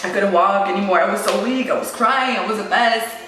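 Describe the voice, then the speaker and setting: A woman's voice: mid-range voice, brisk, a bit bright. A young woman telling a painful personal story in casual slang, choked up and close to tears. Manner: casual slangy talk full of "like" and "yo". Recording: very echoey and distant, played back over a speaker, faint music.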